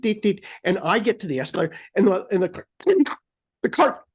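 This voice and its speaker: A man from the United States telling a story in casual chat, acting out sounds and his own frustration. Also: high voice. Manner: animated, acts out beeps and his own frustration. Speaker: co-host.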